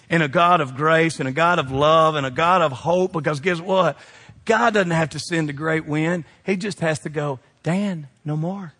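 A man's voice: fairly high pitch, a bit bright. A man preaching a sermon as pastor, emphatic and calling out to his congregation. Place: church sanctuary. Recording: long reverb of a large hall.

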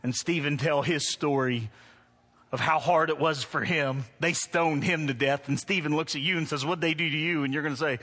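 High bright-voiced male preacher. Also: normal speed. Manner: storytelling with humor, rising to emphatic preaching. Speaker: pastor. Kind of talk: sermon. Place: church before a congregation.

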